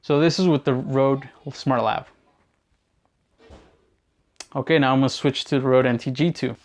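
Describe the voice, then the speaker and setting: A man's voice: mid-range voice, steady tone, normal speed. Casual, blunt man teaching audio gear. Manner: loose, blunt and hands-on, with casual swearing. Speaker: filmmaking video host.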